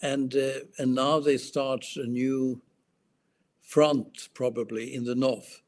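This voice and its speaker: A man, speaking as a guest analyst in casual talk. He speaks very slowly, pausing and restarting often as he searches for words. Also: mid-range voice, flat delivery. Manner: slow, halting, many restarts and fillers. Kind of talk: casual political discussion.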